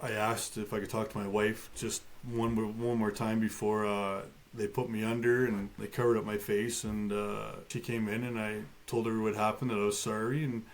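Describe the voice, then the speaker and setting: A man's voice: fairly low pitch, flat delivery, normal speed, few pauses. A man, a guest on a talk show, telling a personal story in a matter-of-fact way with touches of light humor and frequent fillers. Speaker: guest, bear attack survivor.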